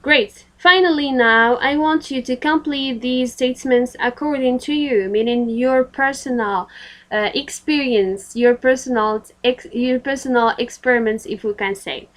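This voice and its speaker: A woman with a Moroccan accent leads a recorded English grammar lesson, unhurried and patient. Her voice sits a little high, and she pauses with filler sounds as she walks through the exercises. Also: low-quality recording. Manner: patient, instructive, with frequent fillers. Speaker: English teacher.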